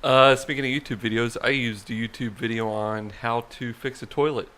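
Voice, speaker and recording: A man's voice: mid-range voice, steady tone, brisk, pushed and bright. A man on a podcast, telling a rambling, self-mocking story in casual chat. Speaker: podcast co-host.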